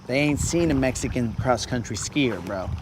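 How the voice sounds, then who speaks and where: A man's voice: medium pitch, normal speed, noisy background. A man hosting a fishing livestream, joking and rambling in slangy casual chat from a boat outdoors.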